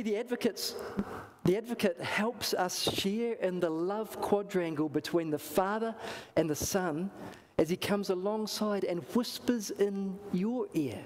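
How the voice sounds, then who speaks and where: A man's voice: sits high, a little mellow, in a large hall, slight background noise. A man with a New Zealand accent, preaching a sermon in a church and acting out the voices in his story. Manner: storytelling, acts out quoted voices.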